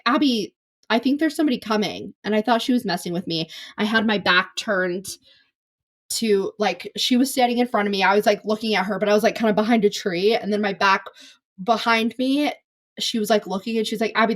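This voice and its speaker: A young woman hosting a podcast, telling a long embarrassing story in a rambling, self-deprecating way full of fillers. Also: medium pitch. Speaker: podcast host. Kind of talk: casual storytelling monologue.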